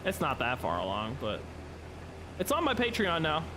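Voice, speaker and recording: A man's voice: fairly high pitch, wildly swooping pitch, normal speed, noisy background. A young man streaming a game, chatting casually with viewers in a rambling, chuckling way, and sleepy at times. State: sleepy, yawning. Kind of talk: casual livestream commentary.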